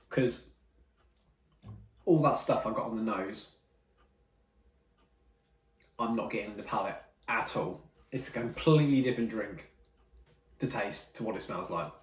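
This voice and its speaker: A man's voice: fairly low pitch, measured pace, long pauses. A man chatting casually through tasting notes as a whisky reviewer, rambling and correcting himself as he goes. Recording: roomy, mic at some distance.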